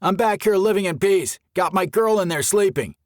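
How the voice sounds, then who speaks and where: A man voicing a gruff, hostile male camper who yells and swears in an audiobook. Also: sits high, normal speed, no echo, clean studio sound, pitched above the performer's own voice, lightly acted. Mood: hostile, yelling. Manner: yelling, swearing, threatening. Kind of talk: audiobook character voice.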